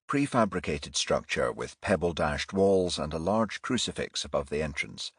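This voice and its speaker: A man narrating a crime audiobook in a measured, even storytelling manner. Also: very deep voice, breathy edge, dry recording, clean studio sound. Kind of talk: scripted narration.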